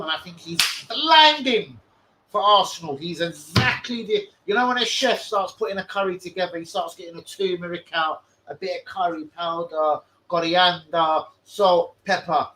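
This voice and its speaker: A man's voice: high-pitched, rough recording. Sweary young man ranting, slang. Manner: loud, swearing, banter-heavy street slang. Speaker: football fan channel host. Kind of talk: live stream chat.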